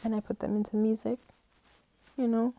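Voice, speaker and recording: A woman's voice: fairly high pitch, little pitch movement, normal speed, mellow. A young woman talking to camera on her own channel, heartfelt and rambling, often tearful and close to crying. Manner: heartfelt, rambling, repeats "you know". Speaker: channel host. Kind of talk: casual talk to camera.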